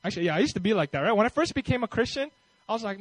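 A male pastor giving a conversational, animated sermon with casual asides and self-deprecating humor. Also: high-pitched, racing, breathy edge, no room sound, rough recording.

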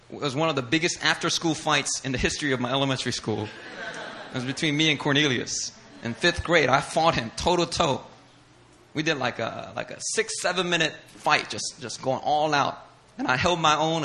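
A male pastor, a native Korean speaker, tells a sermon story in an animated way, acting out voices and laughing often. His voice sits fairly high, swings widely in pitch, and has a bright, forceful edge.

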